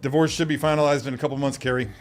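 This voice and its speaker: A man's voice: mid-range voice, level tone, rapid-fire, soft background music. A middle-aged man hosting a live stream, chatting casually, rambling and answering viewers' comments.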